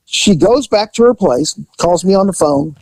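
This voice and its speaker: A man hosting a podcast, telling a police story in a relaxed, conversational way and acting out the people in it. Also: high voice, moderate pace, no echo, poor audio. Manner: animated storyteller who acts out the people in his story. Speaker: podcast host and former police officer. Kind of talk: casual storytelling.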